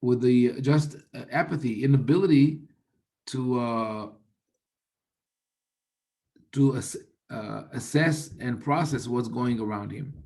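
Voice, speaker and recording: Man, rabbi, mid pitch, explanatory teaching, thoughtful restarts, quotes Hebrew. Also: slow pace, pauses often, darkish tone.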